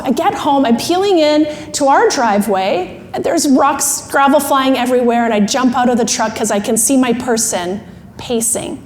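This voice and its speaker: High-voiced woman telling a lively story on stage. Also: slight background noise. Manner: lively, self-deprecating, laughs often. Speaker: keynote speaker. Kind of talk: animated storytelling talk. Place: large expo hall. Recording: echoey hall with faint ambience.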